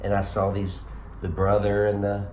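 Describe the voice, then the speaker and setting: A man's voice: on the low side, completely flat delivery, normal speed, darkish tone, slight background noise. A man in his sixties hosting a casual chat, rambling and self-deprecating. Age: 60s. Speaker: host.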